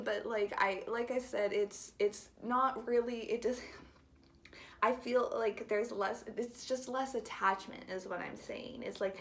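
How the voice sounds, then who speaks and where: Young woman vlogger, heartfelt personal story, gentle and hesitant, occasional whispered phrases. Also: mid-range voice. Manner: soft, halting and heartfelt, drops into whispers.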